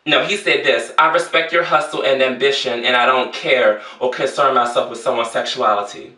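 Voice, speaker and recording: A man telling a story in a sassy, theatrical rant, jumping into high exclamations. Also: fairly even intonation, moderate pace, bright, forceful tone. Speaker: vlogger. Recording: echoey room, voice a bit far from the mic.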